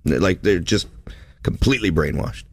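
A man in casual chat, telling an emphatic, animated story about a trip. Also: low-pitched, moderate pace, slightly rough, dry recording, studio quality. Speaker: traveler recounting a trip.

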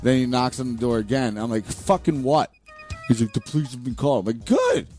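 Man, mellow warm voice, casual talk show, profane storytelling, acts out quotes, faint music behind. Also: medium pitch, steady tone, rapid-fire.

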